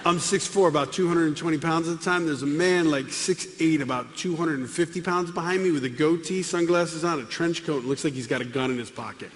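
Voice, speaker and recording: A middle-aged man giving a comic testimony to a live audience, acting out the dialogue with lively voices. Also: a little high, quick pace, faint music behind. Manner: animated, acts out dialogue with voices. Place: large hall with live audience. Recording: long hall reverb, faint room noise.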